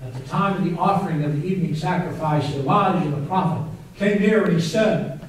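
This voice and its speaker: High-voiced pastor in an echoing church. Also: male voice, slight background noise. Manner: dramatic reading, slowing and rising on quoted lines. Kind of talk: sermon reading scripture aloud. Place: church sanctuary. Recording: very echoey church from a distant mic.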